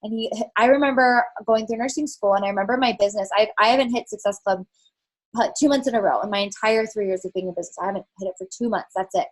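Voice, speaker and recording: A woman's voice: mid-range voice, quick pace. A woman coaching her team on a call, talking frankly and casually with lots of fillers and the odd swear word. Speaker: network marketing fitness coach. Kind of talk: candid motivational team call talk.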